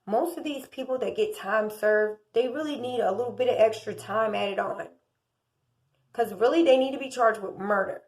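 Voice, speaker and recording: A woman in her thirties from the United States speaks in a high, bright voice. She gives indignant, opinionated commentary and pushes her volume up as she makes her case. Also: normal speed. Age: 30s. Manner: impassioned, indignant, rising in volume. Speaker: true crime commentator.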